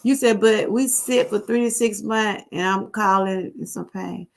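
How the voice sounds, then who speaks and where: A creaky, medium-pitched voice at a measured pace belongs to a middle-aged Southern US woman hosting a casual live stream. She rambles, repeats things, and calls her viewers y'all.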